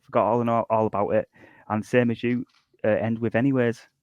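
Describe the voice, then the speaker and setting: A man on a podcast, talking casually and hesitantly with many pauses and fillers. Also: medium pitch, level tone, a little mellow, dry recording, lo-fi sound. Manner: hesitant, many uhs and ums while listing songs. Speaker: podcast guest. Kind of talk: casual chat.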